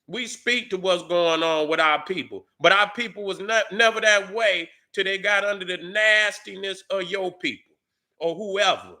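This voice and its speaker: Middle aged guy ranting hard at commenters, cussing, high pitched and sharp. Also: normal speed. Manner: angry, profane, shouting at commenters. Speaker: YouTube commentator. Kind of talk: heated commentary to viewers.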